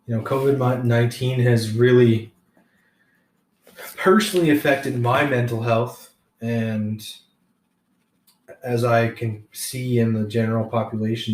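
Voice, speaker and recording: A man's voice: mid-range voice, darkish tone, reverberant, rough recording. A man co-hosting a casual podcast from his couch, laid-back and joking with crude banter. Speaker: podcast co-host. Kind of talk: casual chat. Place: living room couch.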